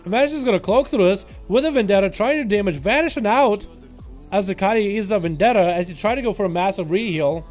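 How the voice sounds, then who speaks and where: Fast, excitable young male game caster. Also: high-pitched, faint music behind. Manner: excitable, rapid-fire, hype. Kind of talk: esports play-by-play commentary.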